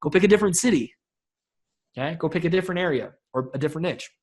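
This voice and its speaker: A man talking casually as a webinar guest, fast and informal, with lots of restarts and fillers. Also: fairly high pitch, lively intonation, darkish tone.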